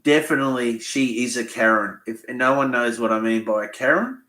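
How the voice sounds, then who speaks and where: Aussie bloke on a live q&a, rambly and sweary, sharp bright voice, echoey room. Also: male voice, medium pitch, moderate pace. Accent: Australian. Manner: rambling, swearing, blunt storytelling. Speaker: fishing channel host. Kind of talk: live Q&A chat.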